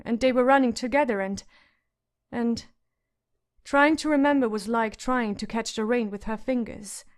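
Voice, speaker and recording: Woman reading a fantasy audiobook. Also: a little high. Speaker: audiobook narrator. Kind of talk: audiobook narration.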